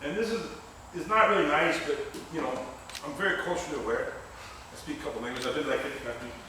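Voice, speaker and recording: A man's voice: on the high side, fast talker, sharp tone, a little hiss or hum. A man teaching grappling technique while telling a rambling, profane story, laughing often. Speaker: grappling instructor. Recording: very echoey gym, mic far off.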